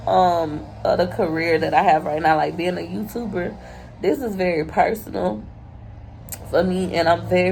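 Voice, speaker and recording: A woman's voice: fairly low pitch, fairly even intonation, normal speed, vocal fry, a little mellow, faint music behind, rough recording. A young woman, crying as she talks through a personal vlog, rambling and candid. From Florida. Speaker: YouTuber.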